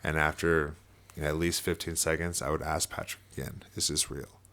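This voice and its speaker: Young man, very deep voice, casual storytelling, lots of likes and swearing. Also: level tone, fairly quick, a bit bright. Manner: many fillers, swears freely, laughs while telling. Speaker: podcast guest.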